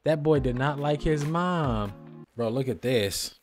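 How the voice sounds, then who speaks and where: A man giving casual gameplay commentary into a desk microphone, reacting with animated jokes and slang. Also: medium pitch, a little slow, soft background music. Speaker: gaming streamer.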